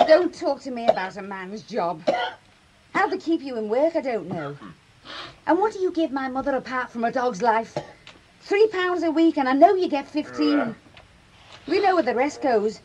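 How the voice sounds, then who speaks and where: An actress playing a blunt, determined young war widow from Liverpool, in a radio drama. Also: female voice, high voice, big pitch swings, moderate pace, slight background noise, poor audio. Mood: bitter. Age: young adult. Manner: plain, blunt, quietly determined.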